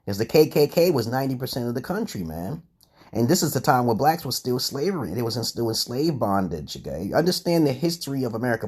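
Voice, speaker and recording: A man's voice: mid-range voice, a little mellow. A man delivers a rambling, lecturing monologue to his livestream viewers in an ordinary mid-range voice. He talks bluntly and swears freely. He keeps pressing his points home with a questioning "okay?". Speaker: livestream host reading viewer comments.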